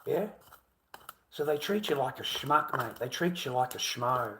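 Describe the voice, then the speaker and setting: A man's voice: medium pitch, lively intonation, measured pace, sharp tone, a little hiss or hum, low-quality recording. Aussie bloke ranting on his stream, swears a lot, says everything twice, normal mid voice. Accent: Australian. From Australia. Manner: swearing, aggrieved, repeats himself. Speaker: livestreamer. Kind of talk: casual livestream rant.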